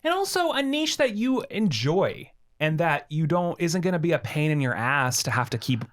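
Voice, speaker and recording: A man co-hosting a podcast in casual chat, speaking in a measured, reflective way as he explains and qualifies his points. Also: a little high, very animated. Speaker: podcast co-host.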